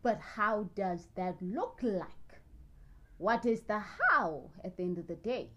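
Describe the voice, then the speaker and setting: A woman hosting a casual faith discussion, putting probing questions to her guest with quick asides. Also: mid-range voice, lively intonation, sharp tone, lo-fi sound. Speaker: host.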